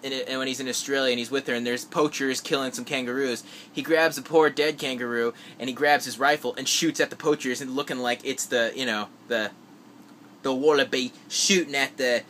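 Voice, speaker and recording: This vlogger works his way through his movie list in a loose, rambling way, restarting often, using many fillers and performing quotes. He speaks briskly in a steady, medium-pitched voice with a fairly bright tone. Some slight background noise is present.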